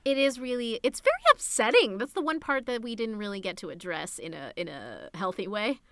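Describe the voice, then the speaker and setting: A woman's voice: mid-range voice, animated, fairly quick, a bit bright, dry recording. A woman co-hosting a podcast, chatting casually through a movie recap, laughing easily and swearing now and then. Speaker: podcast co-host.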